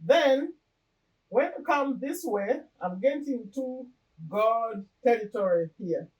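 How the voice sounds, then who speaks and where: A middle-aged woman talking earnestly and reflectively to camera about her vision board, pausing and restarting as she goes. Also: a little high, animated, darkish tone, far from the mic, lo-fi sound. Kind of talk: casual personal talk to camera.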